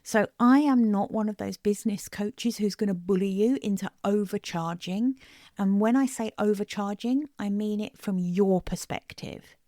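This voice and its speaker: A woman's voice: mid-range voice, moderate pace, dark tone, no echo, clean studio sound. A woman hosting her own coaching podcast, talking directly and emphatically to listeners, repeating phrases to drive each point home. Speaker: business coach and podcast host. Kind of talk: solo podcast monologue.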